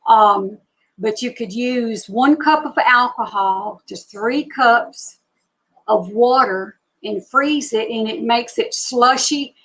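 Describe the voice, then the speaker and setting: Slow-drawling Southern woman in her sixties. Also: fairly high pitch, a bit bright, low-quality recording. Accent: Southern US (Alabama). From Alabama, US. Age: 60s. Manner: chatty, slow Southern drawl, greeting viewers by name. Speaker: psychic reader hosting a live stream. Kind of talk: casual live-stream chat with viewers.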